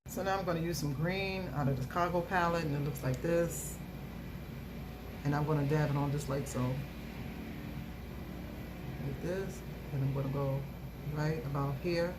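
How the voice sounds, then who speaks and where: A middle-aged woman with a low voice talks through her makeup routine in a casual, upbeat way, repeating her catchphrases over and over. A steady hiss of background noise runs under the recording. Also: normal speed, pauses often. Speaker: makeup vlogger.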